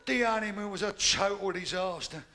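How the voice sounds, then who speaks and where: A middle-aged man doing a crude, bawdy stand-up comedy routine, telling rude stories with loud punchlines. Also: high voice, normal speed. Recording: noisy live club recording. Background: audience laughter.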